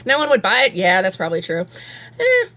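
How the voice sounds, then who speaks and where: A woman's voice: medium pitch, huge pitch swings, a little fast, sharp tone. A woman in her thirties chatting casually on a live stream at home, rambling and candid and swearing freely while she does her makeup. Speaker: livestreamer.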